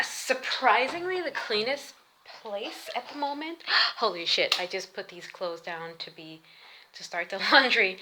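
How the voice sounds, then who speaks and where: A woman's voice: medium pitch, bright, forceful tone, a little hiss or hum, low-quality recording. A woman chatting casually as she walks through her house, rambling and laughing often. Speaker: vlogger. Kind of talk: casual home tour vlog. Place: house, indoors.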